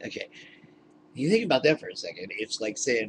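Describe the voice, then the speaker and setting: A man's voice: on the low side, sing-song, a little fast, a bit bright, slight background noise, poor audio. A man ranting indignantly into his webcam, laughing often as he talks. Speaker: vlogger. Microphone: webcam mic.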